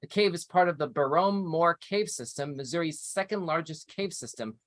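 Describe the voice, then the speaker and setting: Guy hosting a live news chat, slightly high voice, reads stories out then riffs on them, dry close sound. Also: moderate pace, fairly bright tone, dry recording. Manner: reads news articles aloud with chatty asides. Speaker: show host.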